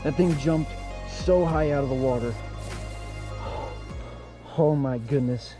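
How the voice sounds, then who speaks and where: Excitable young man fishing outdoors. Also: mid-range voice, slow pace, over music. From American South. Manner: excitable, repeats exclamations. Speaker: fishing vlogger. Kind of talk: casual vlog narration. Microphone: chest-mounted action camera.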